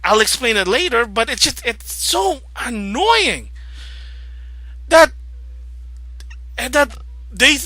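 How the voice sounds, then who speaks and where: A man vlogging about video games, rambling casually and growing agitated and loud as he rants. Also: extremely high pitch, very animated, slow, long pauses, no room sound. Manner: rambling, grows agitated and loud when ranting. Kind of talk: casual opinion vlog rant.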